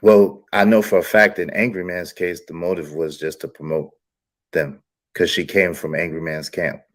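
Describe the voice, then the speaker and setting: A man's voice: low-pitched, fairly even intonation, normal speed. Host measuring his words on a panel. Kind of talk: live panel discussion.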